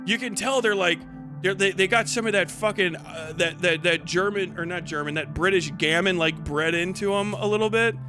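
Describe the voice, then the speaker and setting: A man's voice: high voice, moderate pace, over music. A man hosting a livestream, ranting casually in a profane, rambling way and laughing often. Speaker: livestream host.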